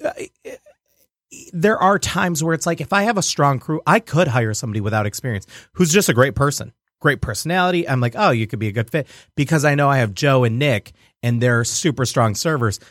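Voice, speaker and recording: He owns a restaurant and is chatting loosely on a radio show, acting out voices and laughing as he spins his stories. His mid-range voice is fairly quick, and the recording is dry and studio quality.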